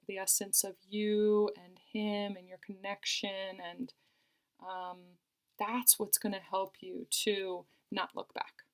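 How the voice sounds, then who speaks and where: A woman giving a tarot card reading, talking earnestly and reassuringly and often repeating her phrases. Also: medium pitch. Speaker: tarot reader.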